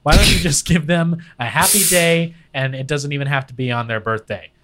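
A man's voice: a little high, brisk, fairly bright tone, a little hiss or hum. A man co-hosting an improv comedy game, teasing in a playful, mock-harsh way. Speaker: co-host.

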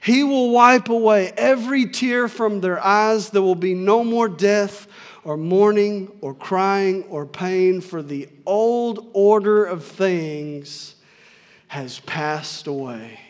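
A man preaches with fervor, repeating key lines to drive them home. His voice sits high for a man. A long reverb from the sanctuary trails each phrase. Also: slow pace. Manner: fervent, repeats lines for emphasis. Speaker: pastor. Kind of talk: sermon. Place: church sanctuary.

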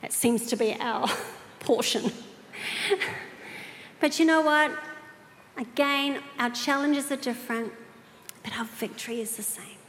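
A woman preaching to a women's gathering, telling a personal story with animated asides and direct questions to the audience. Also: on the high side, unhurried, long pauses, slight background noise. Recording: reverberant hall with faint ambience.

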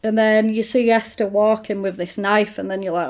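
A woman's voice: medium pitch, moderate pace. A woman in casual chat, retelling a film's plot and acting out the characters' lines. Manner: animated, acts out characters' lines in quoted voices.

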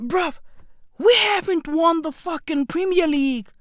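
Comic ranter, man from South Africa, high bright voice, dry close sound. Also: unhurried, no echo. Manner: loud profane ranting, mocking. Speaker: comedian ranting. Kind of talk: comedic rant.

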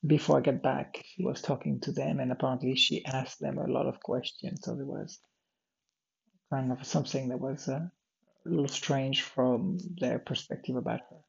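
In this daily audio diary, a weary vlogger yawns his way through a rambling account of his day, with lots of fillers, restarts and off-topic drifting. His voice is medium-pitched, creaky and slightly rough with a darkish tone, and the audio sounds dull.

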